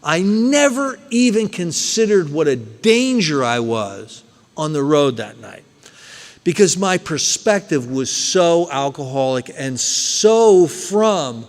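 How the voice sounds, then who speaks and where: A man speaking at a recovery meeting, telling his story with lively, acted-out scenes. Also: a little high, takes it slowly. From New Jersey. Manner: animated storyteller, acts out scenes loudly. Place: meeting hall. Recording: long hall reverb.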